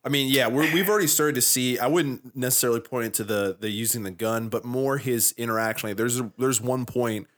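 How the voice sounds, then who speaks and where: A man in casual chat about a TV show, animated and acting out the scenes he retells. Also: mid-range voice, a little fast, hardly any pauses. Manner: animated, acts out scenes in quoted voices.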